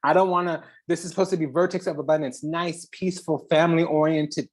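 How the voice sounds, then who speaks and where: A spiritual channel host giving a heated, profane reading, swinging between loud declarations and hushed asides with dramatic pauses. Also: medium pitch, steady tone.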